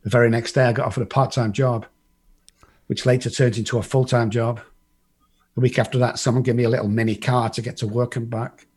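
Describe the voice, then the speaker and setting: A man's voice: mid-range voice, little pitch movement, a little fast, a little mellow, slightly rough. A man from England, telling a personal recovery story to a group, blunt and profane, acting out the people in it. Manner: blunt and profane, acts out the voices in his story. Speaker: recovery speaker.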